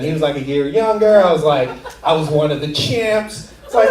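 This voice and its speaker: A man's voice: on the high side, lively intonation, fairly quick, hardly any pauses, reverberant, recorded from a distance, crowd noise. A man doing stand-up comedy, telling a rambling story and laughing at his own jokes while acting out friends and family. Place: comedy theater stage.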